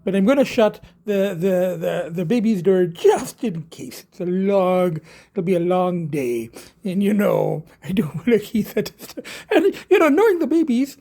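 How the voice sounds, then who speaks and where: Vlogger, male, mellow and husky, chatty and meandering, drifts into soft cooing for his pets. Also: high-pitched, animated, a little slow. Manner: rambling, hesitant, many fillers; coos softly to his cats. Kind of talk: casual video diary. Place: home bedroom.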